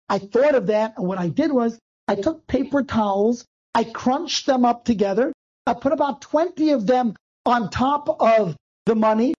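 A man, a rabbi, telling a personal story to an audience and acting out the dialogue in quick, animated bursts. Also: very high voice. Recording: dull lo-fi recording.

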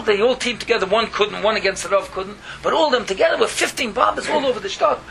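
A rabbi teaches a Torah lesson, telling stories, mixing in words and leaping into exclamations. His voice sits high and is gravelly, delivered fast with few pauses over a steady background hiss.

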